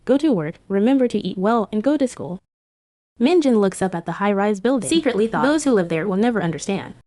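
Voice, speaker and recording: A woman narrating a manhwa recap voice-over, reading every character's lines in one steady voice. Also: mid-range voice, dry recording, clean studio sound.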